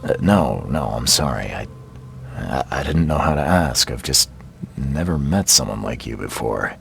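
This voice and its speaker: A man voicing a hard-bitten private investigator in a video game, cool and clipped, with quiet threats. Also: extremely low pitch, lively intonation, normal speed, gravelly, a little hiss or hum, full character voice.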